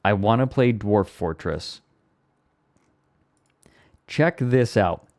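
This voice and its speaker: A man's voice: lowish voice, animated, takes it slowly, a little mellow. A man live streaming who chats casually, rambling and amused with himself. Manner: rambling, self-amused, breaks into laughter.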